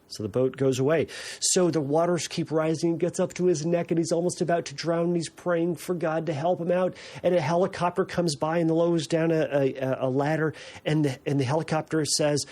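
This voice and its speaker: A man's voice: fairly high pitch, moderate pace, a little mellow. A man hosting a podcast, talking casually and explaining things with lots of fillers and restarts. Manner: conversational, many fillers and restarts. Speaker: podcast host.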